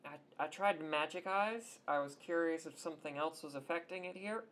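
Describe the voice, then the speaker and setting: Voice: medium pitch, moderate pace, a bit bright. A player with a Southern US accent, joking around during a tabletop game. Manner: playful, jokey.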